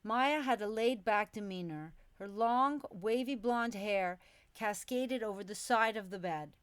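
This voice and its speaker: A woman's voice: medium pitch, measured pace, clean tone, no room sound. A woman narrating her memoir in a reflective, storytelling manner, as an audiobook.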